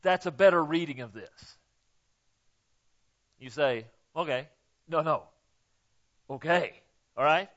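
A man preaching a sermon to his congregation in a folksy, emphatic way, often checking in with "okay?" and swinging from quiet asides to loud, stressed lines. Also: on the high side, unhurried, long pauses, dull audio. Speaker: pastor.

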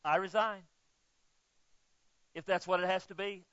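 Man, pastor, sermon, high voice, loud then hushed, dry muffled recording. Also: steady tone, a little slow, dry recording. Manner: swings from loud emphatic to soft and low. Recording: dull, muffled, dry sound.

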